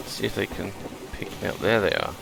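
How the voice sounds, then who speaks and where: A man's voice: on the low side, fairly quick, vocal fry, noisy background. A British man giving chatty gameplay commentary, explaining game mechanics as he plays. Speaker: gameplay streamer.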